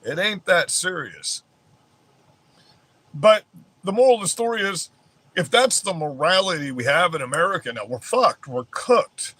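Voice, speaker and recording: A man's voice: high voice, expressive, normal speed, fairly bright tone. A man ranting on his vlog in a heated, rambling way, swearing constantly. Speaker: vlogger. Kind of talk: profane political rant.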